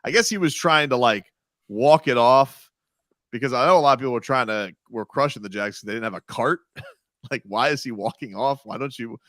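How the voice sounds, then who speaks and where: A man's voice: mid-range voice, fairly quick, a bit bright, no room sound, clean studio sound. A man hosting sports talk radio, chatting casually and reading headlines, often stopping and restarting his sentences. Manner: rambling, self-interrupting, reads ad lines.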